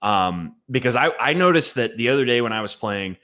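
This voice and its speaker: A man's voice: mid-range voice, lively intonation, fairly quick, sharp tone. A man co-hosting a casual gaming chat, rambling with restarts and lots of agreement.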